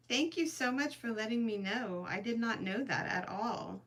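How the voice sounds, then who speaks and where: A woman's voice: on the high side, expressive, normal speed, hardly any pauses, fairly bright tone. A middle-aged woman hosting a crochet livestream, chatting casually and emotionally, thanking viewers by name. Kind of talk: casual live-stream chat.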